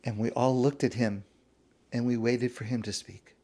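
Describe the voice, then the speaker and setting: A man, a rabbi, telling a story in a sermon, slow and hushed with dramatic pauses. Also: medium pitch, steady tone.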